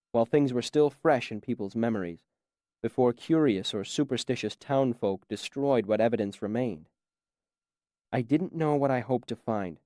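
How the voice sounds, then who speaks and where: Male audiobook narrator, dry and measured. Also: medium pitch, warm tone, no echo. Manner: measured storytelling. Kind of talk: scripted first-person narration.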